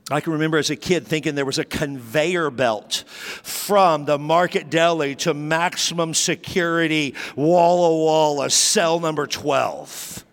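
A man's voice: a little slow, fairly bright tone. A pastor telling a personal childhood story in his sermon, acting out the dialogue. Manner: storytelling, acts out dialogue with raised pitch. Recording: long hall reverb.

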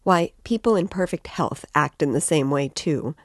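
A composed young woman answers firmly and evenly, as a woman reads her aloud. Her voice is low and the recording dry. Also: dry recording. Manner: firm, measured. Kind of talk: reading a novel aloud.

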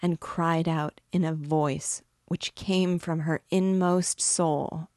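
A woman reads a classic novel aloud in a low, unhurried voice. Her storytelling is measured and expressive, with a dry, close sound and no room echo. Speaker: book reader and guide. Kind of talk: literary read-aloud narration.

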